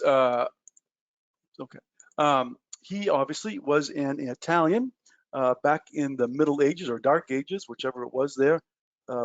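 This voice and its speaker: A man's voice: mid-range voice, dry recording. A man walks through trading basics on a webinar whiteboard, talking loosely with plenty of ums and uhs. He cracks small jokes at his own expense as he goes. The audio is dull and lo-fi, with a dry, close sound. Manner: loose and chatty, many ums and uhs, self-mocking jokes.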